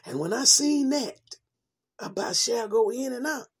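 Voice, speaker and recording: A woman's voice: a little high, lively intonation, measured pace, slightly rough. A woman preacher giving an informal sermon, repeating her lines for emphasis and calling listeners sweetheart and baby.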